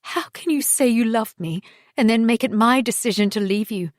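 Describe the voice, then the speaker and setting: A woman's voice: moderate pace, dry recording, clean studio sound, close to an everyday voice. Maya, a furious heartbroken woman, read by a woman narrator. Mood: angry. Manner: emotional, raised and higher than the narration.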